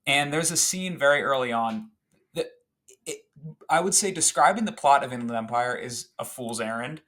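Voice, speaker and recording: Animated rambling man on a podcast. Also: medium pitch, moderate pace. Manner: animated, rambling with fillers and restarts. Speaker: podcast guest. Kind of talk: casual chat recounting a favorite film scene.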